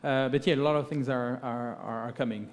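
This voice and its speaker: A man's voice: mid-range voice, steady tone, fairly quick. A man speaking as a guest at a conference, with a hesitant delivery full of fillers, often ending points with "right?". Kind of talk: conference panel talk. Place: conference stage in a large hall. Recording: long hall reverb from a PA.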